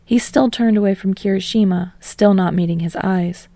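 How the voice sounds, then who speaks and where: A woman reading fan fiction aloud as a podfic reader in steady, measured narration. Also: mid-range voice, no echo.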